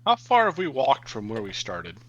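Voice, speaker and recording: A man's voice: medium pitch, wildly swooping pitch, normal speed, dull audio. A man playing a tabletop game, eagerly explaining what his character does. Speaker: player. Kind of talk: casual tabletop game chat.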